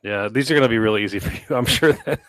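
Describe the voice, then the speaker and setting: A man reading trivia questions in a casual online group audio chat, relaxed, clearing his throat now and then. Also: mid-range voice, rapid-fire, a crowd in the background. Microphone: online audio room microphone.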